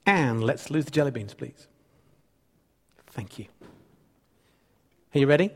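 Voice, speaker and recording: A man's voice: medium pitch, lively intonation, unhurried, slightly rough, long reverb tail. A man in his fifties, a pastor preaching a sermon, playful and teasing with the congregation and repeating phrases for emphasis. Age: 50s.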